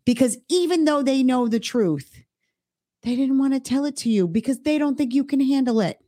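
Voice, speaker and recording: A woman co-hosting a podcast, talking casually and stressing her main points by slowing down on key words. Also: high-pitched, warm tone, no echo, clean studio sound. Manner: emphatic, stresses key words with slowed delivery. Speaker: podcast co-host.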